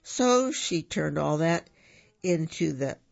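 Gravelly man reading a children's story. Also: fairly high pitch, takes it slowly. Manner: animated, with some stumbles and self-corrections. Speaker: storyteller and radio host. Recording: dull lo-fi radio recording.

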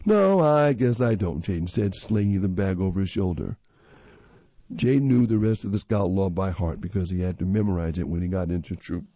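Low, mellow man reading a kids' story. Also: a little fast, no echo. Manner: steady, expressive reading. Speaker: narrator. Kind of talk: storybook narration for kids. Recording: slightly dull lo-fi audio.

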